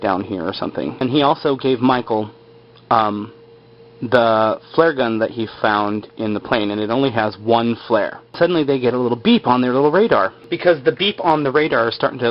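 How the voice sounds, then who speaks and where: A man casually retelling a TV episode, rambling with lots of filler words. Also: mid-range voice. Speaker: episode recapper. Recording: slightly muffled lo-fi recording.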